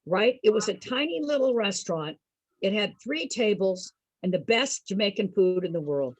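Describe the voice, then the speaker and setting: A woman tells a personal story with real animation, her voice leaping up and down as she laughs and asks her listeners questions. Her tone is a little husky, set fairly high, and sounds close and dry with no room echo. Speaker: entertainer for program participants.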